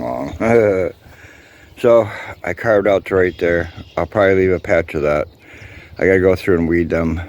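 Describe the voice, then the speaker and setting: Low-voiced man rambling casually outdoors. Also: slight background noise. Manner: relaxed, rambling, addresses viewers as guys, many ums. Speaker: vlogger. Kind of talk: casual chat to camera. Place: outdoors in a yard.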